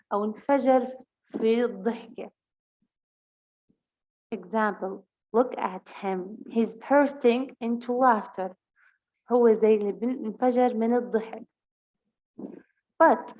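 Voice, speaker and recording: A woman with a Levantine Arabic accent who speaks Arabic natively, teaching English vocabulary. She reads example sentences slowly and explains them quickly. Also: on the high side, muffled recording. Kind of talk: bilingual vocabulary lesson.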